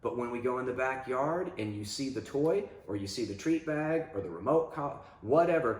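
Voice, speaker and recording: A man, a dog trainer, explaining handling in a casual instructional talk, breaking into loud, animated demonstrations of commands. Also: medium pitch, normal speed, reverberant.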